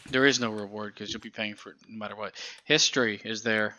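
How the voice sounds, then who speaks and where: A man's voice: lowish voice, steady tone, a little fast, sharp tone, no room sound. A man co-hosting a casual podcast, skeptical and blunt in his takes. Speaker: podcast co-host. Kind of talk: casual chat.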